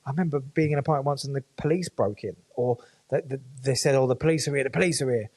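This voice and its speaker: A man talking as a podcast guest. He rattles through his stories at a quick clip, animated and peppered with swearing. His pitch sits in the ordinary middle for a man. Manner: animated storytelling, frequent swearing. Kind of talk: casual chat.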